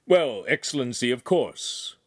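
A man's voice: mid-range voice, expressive, unhurried, no echo. Man doing nervous humble craftsman guy, polite and pleading, dry recording. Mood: deferential pleading. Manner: pleading, respectful. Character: humble middle-aged male lens maker, anxious and deferential.

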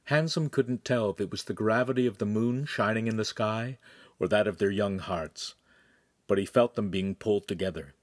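A man reading a young adult novel aloud in calm, scripted narration. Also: fairly low pitch, moderate pace, dry recording, clean studio sound. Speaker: audiobook reader.

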